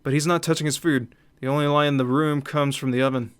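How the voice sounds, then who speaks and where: A man's voice: on the high side, steady tone, quick pace, smooth. A young man hosting a gaming channel, reading horror game text aloud dramatically and reacting in asides. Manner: reads narration dramatically, then reacts in asides.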